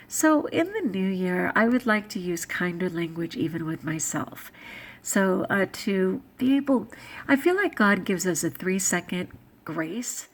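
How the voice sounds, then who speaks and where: A soft-spoken middle-aged woman reflects aloud in a relaxed vlog. Her voice has a gravelly, fry-tinged texture and sits at an ordinary pitch for a woman. At times her musing talk sinks into a hush. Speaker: vlogger; teacher.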